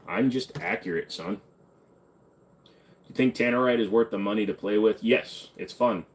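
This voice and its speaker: A man's voice: on the low side, normal speed. A man hosting a live stream, answering chat questions in a blunt, offhand, casual way. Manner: blunt, offhand, hums and sings snippets between questions.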